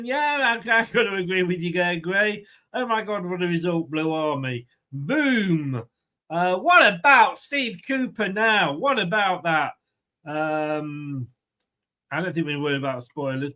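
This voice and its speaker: A man's voice: high-pitched, expressive, measured pace, bright, forceful tone. A man with a light, rambling, chatty manner, hosting a live football watchalong and reading out viewer comments. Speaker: host of a fan watchalong.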